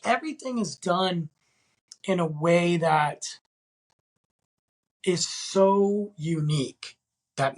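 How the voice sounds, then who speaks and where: Man in his thirties, solo podcast host, raspy tone, eager and loose delivery. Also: high voice, a bit bright. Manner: enthusiastic, rambling, slangy. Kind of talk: casual podcast monologue.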